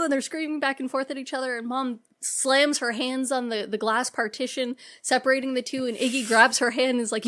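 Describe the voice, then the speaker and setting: A woman co-hosting a podcast, retelling a film scene by scene with lively acted-out quotes. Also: sits high, brisk, hardly any pauses. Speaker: podcast co-host. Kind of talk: casual film recap chat.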